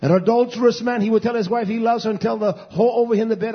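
Husky preacher swinging from mutters to shouts. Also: male voice, very high voice, fairly even intonation, fast. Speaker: pastor. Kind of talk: fiery sermon. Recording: dull lo-fi sound.

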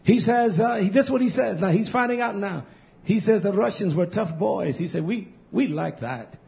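A man preaching a fiery, rambling sermon, swinging between low muttering and shouting. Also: a little fast, gravelly. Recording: dull lo-fi recording.

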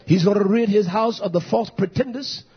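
Man, pastor, husky high voice, shouting then muttering, dull lo-fi recording. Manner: swings between shouting and low mutters, drawn-out emphasis. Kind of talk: fiery sermon.

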